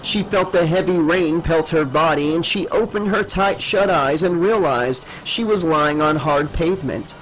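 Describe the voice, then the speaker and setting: A man reading a horror audiobook as narrator in a measured, dramatic storytelling manner. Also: a little high, fairly bright tone, a little hiss or hum, rough recording.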